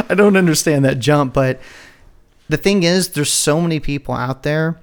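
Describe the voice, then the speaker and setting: Rambling, profane man chatting. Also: a little high. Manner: rambling, profane, quick to laugh. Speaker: podcast co-host. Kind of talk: casual political chat.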